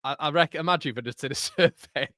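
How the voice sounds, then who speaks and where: A man's voice: fairly high pitch, quick pace, fairly bright tone, no room sound, studio quality. A young man hosting a live football watchalong, chatty and casual, who keeps breaking into giggles. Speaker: host.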